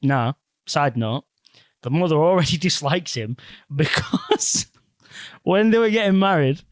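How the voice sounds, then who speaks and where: A young man on a podcast casually retells a story, swearing freely and acting out the quotes in animated fashion. His voice is a little high and a little slow, and the recording is dry. He's the podcast host, and the talk is casual chat.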